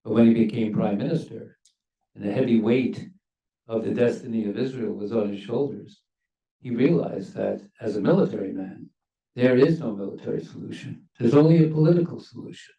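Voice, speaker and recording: Gravelly older man, emphatic panel talk. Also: fairly low pitch, dark tone, highs cut off. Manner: measured, emphatic, stresses key words. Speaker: panelist, former ambassador. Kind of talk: panel discussion remarks. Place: university lecture hall. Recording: echoey hall, mic at a distance.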